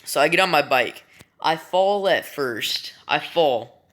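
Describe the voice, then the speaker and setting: A man's voice: a little high, expressive, slow, fairly bright tone. A young man telling a story in a casual, rambling way, swearing often and stopping to restart his sentences. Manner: rambling, profane, full of fillers and restarts. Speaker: vlogger.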